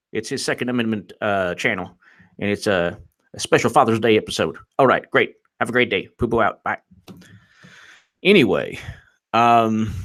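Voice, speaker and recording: A man's voice: on the low side, fairly bright tone. A male host delivers offhand political commentary in a meandering, mocking way. He restarts sentences often and slips into jokey impressions before laughing them off. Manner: rambling, sarcastic, stumbling restarts. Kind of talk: casual livestream commentary.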